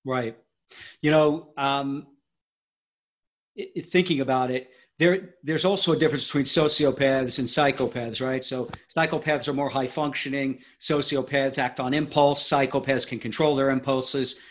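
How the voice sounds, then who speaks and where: A man's voice: medium pitch, steady tone, normal speed, fairly bright tone. A man hosting an interview, thinking aloud with many hesitations and restarts. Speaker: podcast host. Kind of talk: interview conversation.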